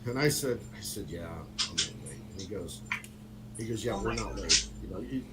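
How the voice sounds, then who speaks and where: A middle-aged man spins a rambling story full of fillers and laughs. His pitch moves a lot. The call audio carries steady noise. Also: brisk. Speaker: guest on a motorcycle talk stream. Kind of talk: casual storytelling chat.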